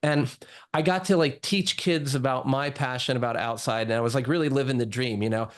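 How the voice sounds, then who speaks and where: A man's voice: medium pitch, brisk. A man, a doctor, telling his own story in a casual interview, full of "like" and "you know". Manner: chatty, lots of "like" and "you know". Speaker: guest doctor.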